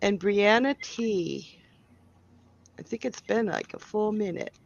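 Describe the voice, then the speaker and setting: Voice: medium pitch, takes it slowly, gravelly, highs cut off. A psychic tarot reader hosting a live stream, chatty and blunt, giving readings to callers. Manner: chatty, giggly, blunt and opinionated.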